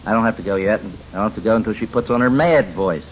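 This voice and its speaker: A man's voice: on the low side, quick pace, slight background noise, natural voice, low-quality recording. A man doing a dawdling little boy. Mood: offhand. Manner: offhand, dawdling. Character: small boy dawdling at play.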